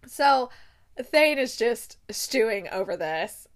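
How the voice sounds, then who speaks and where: A woman's voice: fairly high pitch, slow pace. A young woman hosting a podcast, gushing casually about books she loves, with bursts of laughter and dramatic retellings. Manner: gushing, excitable, breaks into laughs and acted-out quotes. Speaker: podcast host. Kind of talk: casual book review chat.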